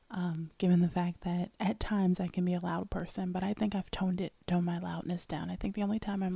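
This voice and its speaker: A woman hosting her own ASMR channel, rambling casually in a breathy whisper, in a whispered role-play style. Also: lowish voice, steady tone, normal speed, warm tone, no room sound.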